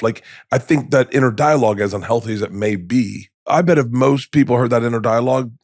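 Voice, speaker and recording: A man in his fifties, a comedian guest telling stories in a lively, casual way, acting out the voices in them. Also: mid-range voice, fairly quick, hardly any pauses, dry recording, studio quality. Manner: animated, acts out voices in his anecdotes, swears casually. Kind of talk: storytelling in casual conversation. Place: podcast studio.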